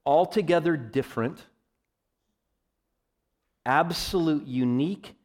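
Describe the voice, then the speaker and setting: A man preaching a sermon, emphatic, often calling his listeners "folks" and swinging from loud declarations to quiet, low asides. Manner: emphatic, varies loudness widely, addresses listeners as folks.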